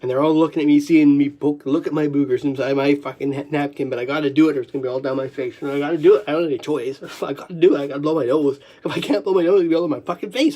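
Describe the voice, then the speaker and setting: A man with a high, husky voice rambles through a personal monologue. He swears freely and often breaks into laughter and coughing. He talks from home, with his dog nearby. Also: quick pace, darkish tone.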